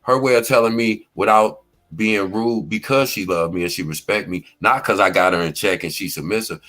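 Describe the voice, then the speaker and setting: Middle-aged guy w/ aave, chill commentary chat, kinda low voice, acts out what people said. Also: a little fast, fairly bright tone. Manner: laid-back storytelling, acts out quoted lines. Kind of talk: casual commentary talk.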